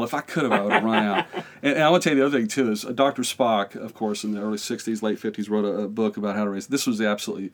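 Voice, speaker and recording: A middle-aged American pastor telling a lively story in a podcast interview, acting out the voices in it and often laughing. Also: male voice, mid-range voice, quick pace.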